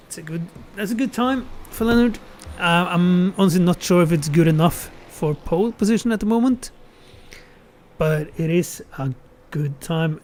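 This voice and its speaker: A man's voice: fairly high pitch, darkish tone, a little hiss or hum. A man giving casual live commentary on a sim racing qualifying session, thinking aloud and correcting himself as he goes.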